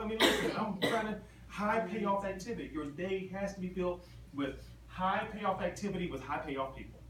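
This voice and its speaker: A man with a high voice at normal speed gives a motivational talk in a large convention hall, emphatic and repetitive as he throws questions at the crowd. The sound is distant and echoey, with ambient noise around it.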